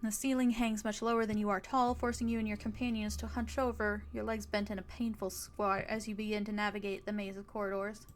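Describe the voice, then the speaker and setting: A woman streamer reading a visual novel aloud in an even, story-telling way. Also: medium pitch, a little fast, few pauses, a little hiss or hum.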